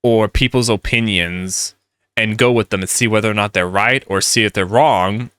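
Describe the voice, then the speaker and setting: A man's voice: fairly low pitch, moderate pace, a bit bright, clear, resonant tone, no echo. A man ranting in rambling gaming commentary, heated and full of restarts.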